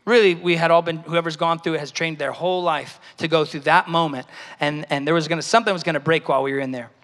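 A man's voice: fairly high pitch, steady tone, fast talker, fairly bright tone, in a large hall. A man giving a conversational, storytelling sermon at a church service, sharing a personal testimony. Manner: storytelling, conversational, acts out quoted voices. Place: large church hall.

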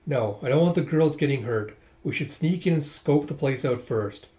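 A laid-back young man who prefers to sneak in carefully, calm and persuasive, read aloud by a man. It sits close to an everyday speaking voice. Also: fairly high pitch, normal speed, lightly acted.

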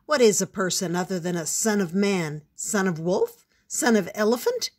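A woman's voice: medium pitch, lively intonation, darkish tone, lightly acted. A woman doing a scornful storybook raven. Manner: mocking, quick to scoff. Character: scornful, greedy male raven.

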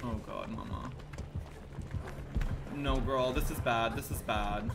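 A man streaming a game live, reacting in an animated, exclamatory way with slangy, profane banter. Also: mid-range voice, slow pace, creaky, loud music behind the voice. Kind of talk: live gaming commentary.

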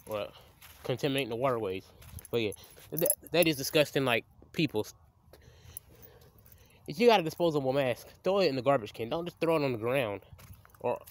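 Rambling young man vlogging by a creek. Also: mid-range voice. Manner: rambling, stammering and restarting. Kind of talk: casual outdoor vlog. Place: outdoors by a creek. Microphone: handheld phone camera.

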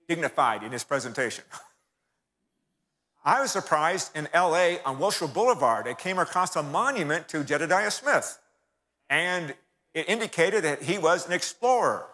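A man's voice: fairly high pitch, sharp tone. A man giving a storytelling history talk to a church congregation, calling them folks. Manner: storytelling, addresses audience as folks. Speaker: church speaker. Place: church hall. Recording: reverberant church hall.

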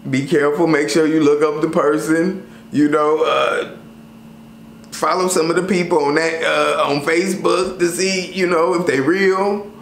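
A man talking casually to camera about travel tips, slangy and animated, full of fillers. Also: a little high, measured pace, creaky. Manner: loose, slangy, animated storytelling with many fillers. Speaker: travel vlogger. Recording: roomy sound with faint ambient noise.

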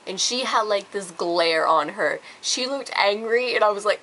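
A woman's voice: mid-range voice, moderate pace, few pauses, a bit bright, poor audio. A young woman casually telling a personal story to the camera with many fillers. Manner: chatty, many fillers, acts out quotes. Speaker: vlogger.

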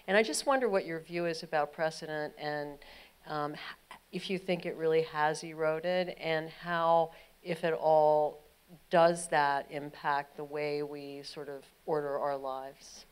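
A woman in the audience asks a long question in a hesitant, searching way, restarting her phrases. Her voice is very low and smooth. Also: steady tone, a little slow. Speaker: audience member asking a question.

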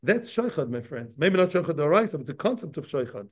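A man's voice: a little high, sing-song, quick pace, muffled recording. A man teaching a daily Talmud class in a conversational lecture style, often asking his listeners questions.

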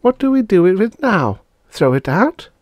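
A fussy, suspicious little girl turned chicken whines in a high, lively voice, as a man puts her on. She complains and pleads with every line. The storybook voice sounds close and dry. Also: normal speed, dry recording. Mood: wary. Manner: whiny and complaining.

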